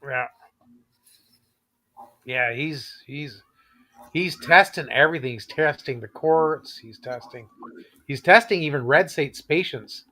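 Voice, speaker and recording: Canadian guy chatting casually, kinda high voice, laughs a lot, restarts sentences. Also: takes it slowly, long pauses, sharp tone. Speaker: chat participant. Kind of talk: casual chat.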